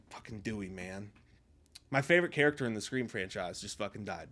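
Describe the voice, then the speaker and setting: A young man hosting a casual spoiler review of a film, emphatic and profane, swinging between loud outbursts and low mutters. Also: lively intonation, fairly quick. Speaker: movie review host.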